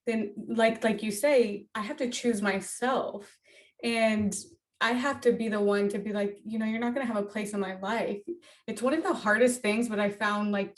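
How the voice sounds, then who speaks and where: A woman's voice: mid-range voice, distant mic. A woman hosting an interview, chatting earnestly with lots of fillers. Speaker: interview host. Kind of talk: casual interview talk.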